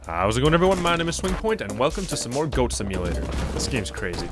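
A young adult host giving let's play commentary, excitable and quick to burst into shrieks and laughter. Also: medium pitch. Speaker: gaming video host. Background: game music.

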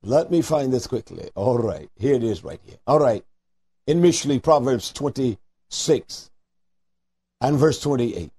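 Fiery gravelly-voiced male radio preacher. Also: lively intonation. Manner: fiery, rising to near-shouts, then dropping low and slow; mixes Hebrew terms into scripture reading. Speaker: radio preacher taking calls. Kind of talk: call-in radio sermon.

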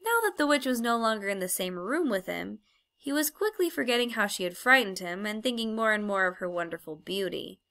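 A woman reading a children's story aloud as a storybook narrator, in an even, clear storytelling manner. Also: medium pitch, fairly quick. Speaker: audiobook reader.

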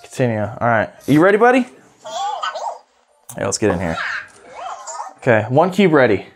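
Chatty low-voiced woman, gushing. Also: big pitch swings, moderate pace, a little hiss or hum. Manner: chatty, gushing, baby-talks to the robot. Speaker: toy reviewer. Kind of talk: casual hands-on demo.

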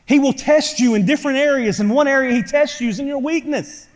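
Pastor guy preaching, goes from soft to shouting, high-ish voice, big churchy echo. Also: quick pace, few pauses. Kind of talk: sermon. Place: church sanctuary. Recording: church hall reverb.

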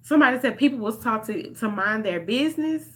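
This young vlogger, fairly high-pitched, animated and brisk, pours emotion into commentary aimed right at her viewers.

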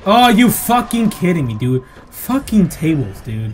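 A man giving profane, jumpy commentary while playing a video game, swinging between yelling outbursts and self-mocking jokes. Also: sits high, big pitch swings, moderate pace, noisy background. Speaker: gameplay streamer. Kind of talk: live gameplay commentary.

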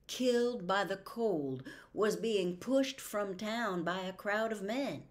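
A woman narrating a classic novel for an audiobook. Her reading is slow and deliberate, in a middle-pitched voice. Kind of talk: scripted narration.

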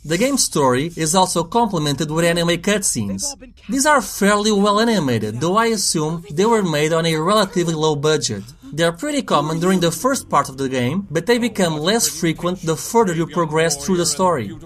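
Reviewer voice-over: young man, blunt and snarky, higher-pitched delivery, swears for punch. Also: expressive, moderate pace, faint music behind. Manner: sarcastic, blunt, swears for emphasis. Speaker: retro game reviewer. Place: voice-over over game footage.

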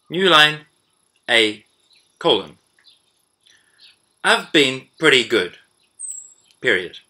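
A male English teacher reading a dictation exercise slowly and deliberately, calling out each punctuation mark. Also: medium pitch, bright, forceful tone.

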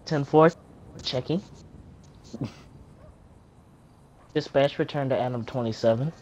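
A man's voice: mid-range voice, takes it slowly, darkish tone, lo-fi sound. A man playing a dispatcher in a game role-play over voice chat, giving clipped radio-style reports and laughing often.

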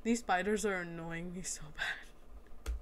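Speaking at a fairly low pitch over a faint hiss or hum, a woman provides casual let's-play commentary while playing a video game. She's excitable and quick to exclaim at the action.

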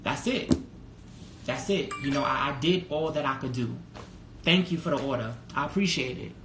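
A man talking casually on a live stream, candid and full of swearing, reading out viewer comments and jumping to a high pitch when excited. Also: moderate pace. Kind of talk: casual livestream chat. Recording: roomy echo with faint background noise.

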